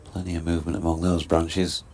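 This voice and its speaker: A man giving live ball-by-ball cricket commentary in a steady, wry way as the lead commentator. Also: low-pitched, brisk. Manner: steady, wry, describes play and scene.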